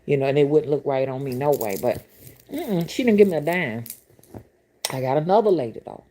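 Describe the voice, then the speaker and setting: Woman rootworker, deep low voice, chatty and blunt, tells stories straight to camera. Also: expressive, brisk, warm tone, a little hiss or hum. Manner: blunt, colorful, exclamatory storytelling with asides to viewers. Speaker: rootworker and spiritual reader. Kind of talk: casual storytelling to camera.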